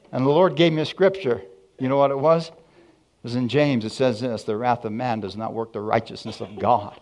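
A man preaching a sermon, telling a personal testimony in a lively storytelling way and acting out the dialogue. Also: medium pitch, brisk, gravelly. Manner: storytelling, animated, acts out dialogue.

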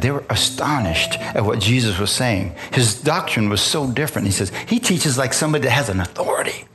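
A male preacher shares his testimony with a congregation. He tells it as a story, slips into the voices of the people in it, and keeps calling for an amen. His voice sits at an ordinary middle pitch, with faint music under it. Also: a bit bright. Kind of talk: testimony sermon. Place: church in front of a congregation.

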